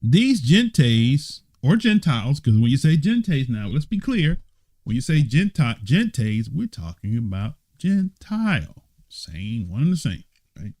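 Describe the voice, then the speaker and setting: Animated man leading a Bible study. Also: medium pitch, a little slow, dry recording. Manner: animated, teasing asides with laughter; mock-surprised exclamations. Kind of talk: Bible study, reading aloud and commenting.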